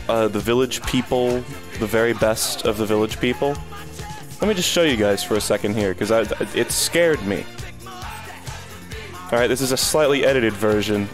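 Young guy streaming a game, wry joking asides, ordinary mid-range voice. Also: medium pitch. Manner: playful, sarcastic, quick asides. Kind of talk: casual let's-play commentary.

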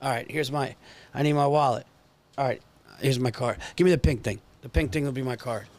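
A man's voice: mid-range voice, a little fast, darkish tone. A man co-hosting a comedy podcast, joking and riffing casually. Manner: joking, riffing, repeats "dude". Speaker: podcast co-host. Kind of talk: comedic banter.

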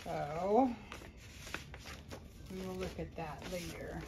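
Slow, gushing woman unboxing. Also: on the low side, heavy background noise. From United States. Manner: gushing, breathy exclamations, slow drawn-out coos. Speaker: vlogger unboxing a reborn doll. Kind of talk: excited unboxing chat.

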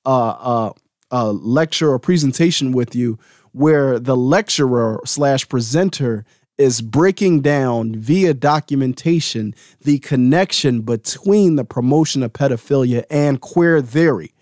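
A man hosting a solo podcast, giving a heated, profane and confrontational rant that now and then drops to a low, calm voice. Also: unhurried, no echo, clean studio sound. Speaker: host.

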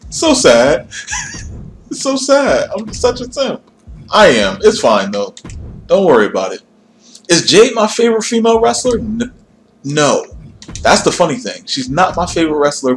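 This young streamer's voice sits high and swoops wildly in pitch, moving at a moderate pace over a little hiss or hum. Tinkering with a character build, he chats with viewers, reassures himself, and pokes fun at himself.

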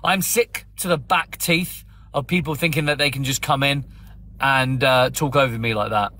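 A man's voice: medium pitch, moderate pace, pushed and bright. A man hosting a phone-in live stream, arguing back with theatrical mock outrage. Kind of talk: casual debate.

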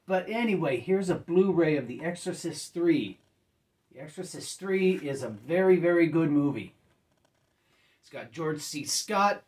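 A man casually reviewing discs at home, rambling and correcting himself, often clearing his throat as if he just woke up. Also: fairly high pitch, distant mic. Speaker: disc reviewer.

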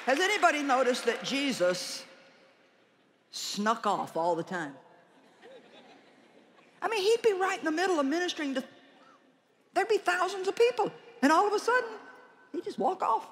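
A woman preaching to a conference crowd in a large hall. Her voice is bright and forceful, and she keeps it lively with jokes and loud call-outs on her key lines. A faint murmur of the audience sits in the background. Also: sits high, moderate pace, long pauses, a little hiss or hum. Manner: animated and joking, punching key lines loudly. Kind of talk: conference sermon.

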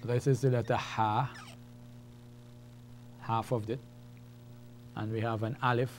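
A man gives a classroom lesson in a patient, step-by-step way, repeating key points and checking in with the learners. His voice sits at an ordinary middle pitch. A faint hum runs underneath the recording. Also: level tone, slow. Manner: patient, repetitive, explains step by step. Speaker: Arabic teacher.

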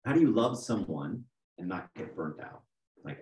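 Middle-aged male archdeacon, low-pitched, chatty sermon delivery; distant mic in a reverberant church. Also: big pitch swings, normal speed, a little mellow. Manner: conversational, often asks "right?" to the congregation. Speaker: archdeacon preacher. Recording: echoey room, mic from a distance.

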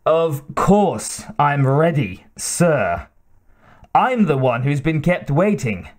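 A man's voice: a little high, big pitch swings, slow pace. A man voicing a drunken, cheeky young swordsman in an audiobook, blustering and slurred. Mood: indignant.

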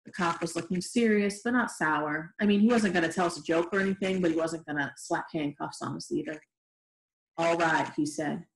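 Woman, reading a novel aloud, steady, gentle, roomy echo, faint noise. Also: lowish voice, a little fast, hardly any pauses. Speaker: reader. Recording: roomy echoey room recording.

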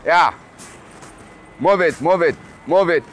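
A man's voice: on the high side, slow, a little hiss or hum. A man playing a curt police officer. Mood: stern. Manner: curt, ordering, deadpan demands. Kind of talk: comedy skit acting.

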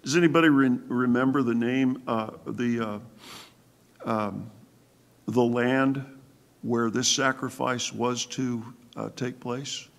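A man pastor giving a sermon-style Bible study in a church, halting with fillers and asking the congregation questions. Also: medium pitch, steady tone, vocal fry. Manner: halting, many fillers and restarts.

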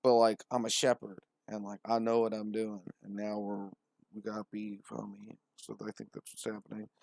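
A man's voice: fairly low pitch, flat delivery, normal speed, gravelly, a little mellow, no echo. A man retelling scripture as comedy, profane and slangy, with a wry tone and hesitant restarts.

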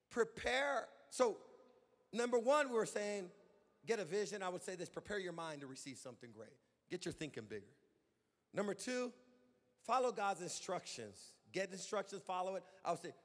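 A male pastor preaching a sermon to a congregation, building to loud shouted calls and asking the crowd to answer back. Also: sits high, in a large hall. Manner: preaching with rising shouts and call-and-response. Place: church sanctuary.

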